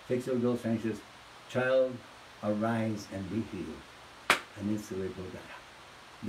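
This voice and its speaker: A man preaching a sermon as pastor, swinging from hushed storytelling to loud, fervent exhortation. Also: a little high, far from the mic, a little hiss or hum, rough recording.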